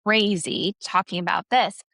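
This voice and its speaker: A woman's voice: medium pitch, steady tone, normal speed, vocal fry, a bit bright, no room sound, clean studio sound. A woman co-hosting a casual book-discussion podcast, reflective and analyzing the characters. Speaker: podcast co-host.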